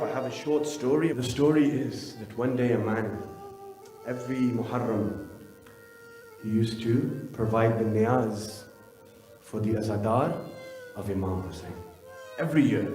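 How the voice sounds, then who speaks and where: A man's voice: mid-range voice, warm tone. A man giving a mourning sermon, telling a story and acting out its speakers in a rising, lamenting delivery. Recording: very echoey hall with faint music.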